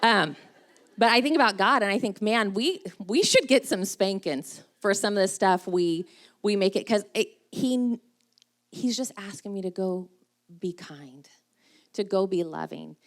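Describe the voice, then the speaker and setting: A woman's voice: medium pitch, unhurried. A middle-aged woman giving a casual, self-deprecating talk at a church women's breakfast, laughing often as she speaks. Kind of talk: casual sermon.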